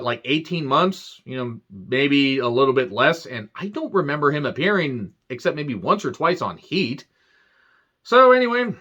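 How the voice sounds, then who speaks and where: Brief: male reviewer, higher-pitched, cussing and sarcastic, rambling rant, slightly muffled lo-fi recording. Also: a bit bright. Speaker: wrestling show reviewer. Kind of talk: casual ranting review.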